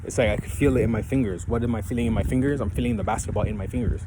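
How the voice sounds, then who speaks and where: A man's voice: fairly low pitch, rapid-fire, background noise. Rambling man vlogging outdoors. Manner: loose and rambling, keeps asking "right?" and "you feel me?". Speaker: vlogger giving life advice. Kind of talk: casual motivational talk to camera. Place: outdoors, ground with leaves.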